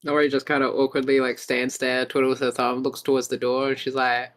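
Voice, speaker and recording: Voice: mid-range voice, level tone, brisk, few pauses, a little hiss or hum. A player at a tabletop game, casually narrating a character with playful giggles.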